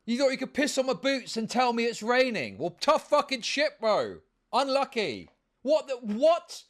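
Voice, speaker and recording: A streamer ranting furiously, yelling insults and profanity. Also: male voice, very high-pitched, sing-song, moderate pace. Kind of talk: angry streamer rant.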